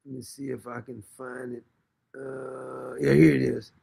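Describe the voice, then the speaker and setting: A man hosting a talk show, commenting loudly and incredulously on played clips. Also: medium pitch, level tone, a little slow, creaky, slightly rough. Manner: incredulous, loud outbursts, frequent laughter. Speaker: show host. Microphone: streaming mic.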